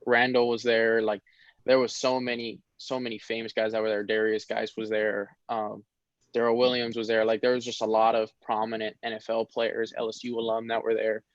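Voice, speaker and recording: A young man, a college football player, talking casually in an interview, relaxed and rambling with many fillers. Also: on the low side, normal speed, no echo. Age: young adult. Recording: dull lo-fi sound.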